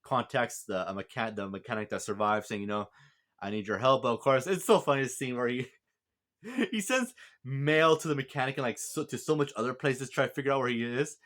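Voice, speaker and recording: A man giving a casual spoken movie review, retelling the plot in a rambling, excitable way with lots of restarts. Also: medium pitch, fairly quick.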